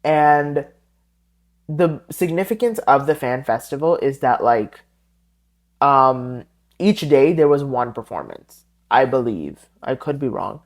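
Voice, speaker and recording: A man's voice: medium pitch, expressive, takes it slowly. A man hosting his own podcast alone, chatting casually and going off on tangents, often correcting himself mid-sentence. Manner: rambling, tangent-prone, self-correcting. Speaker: podcast host. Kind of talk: solo podcast chat.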